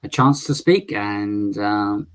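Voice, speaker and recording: Man, low voice, livestream host, hesitant ums, polite, firm. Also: lively intonation, takes it slowly, smooth. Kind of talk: moderating a live call-in stream.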